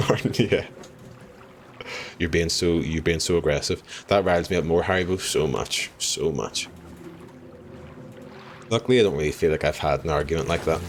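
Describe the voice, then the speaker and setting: Low-voiced Irish man streaming a game. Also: brisk, slight background noise. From Ireland. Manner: chatty, laughs often, apologetic. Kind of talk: live gameplay commentary chatting with viewers.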